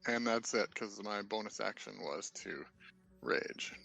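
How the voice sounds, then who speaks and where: A man's voice: on the low side, a little slow, gravelly, sharp tone, soft background music, low-quality recording. A man in a casual, joking way, playing his character in a tabletop game with friends. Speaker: player.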